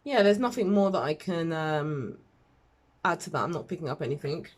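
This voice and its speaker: A woman's voice: low-pitched, lively intonation, normal speed. A woman giving a casual tarot reading to camera, chatty and rambling, laughing at herself. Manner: chatty, rambling, self-deprecating, with fillers and laughs. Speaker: tarot reader.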